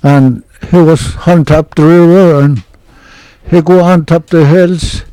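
An older man, telling a hunting story in halting, broken English with short phrases. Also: on the high side, steady tone, warm tone, dry recording, rough recording. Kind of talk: oral history storytelling.

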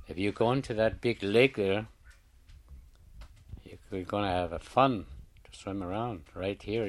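A man voicing a clever, persuasive male raven who coaxes and insists. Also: low voice. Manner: coaxing, insistent.

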